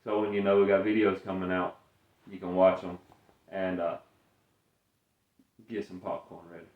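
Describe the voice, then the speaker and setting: A man's voice: deep voice, flat delivery, moderate pace, dull audio. A man with a Southern US accent, chatting casually and jokingly as a DIY vlogger. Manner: playful, jokey, mimics animal calls. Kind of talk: casual vlog chat. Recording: echoey and distant from the mic.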